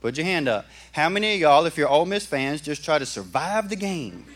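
A man preaching a sermon in a folksy, animated way and asking the congregation questions. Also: on the high side, brisk. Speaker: pastor. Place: church.

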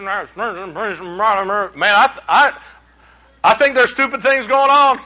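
A middle-aged pastor, preaching a sermon in a folksy, emphatic way that climbs into exclamations. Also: male voice, sits high, fairly even intonation, very slow, bright, forceful tone.

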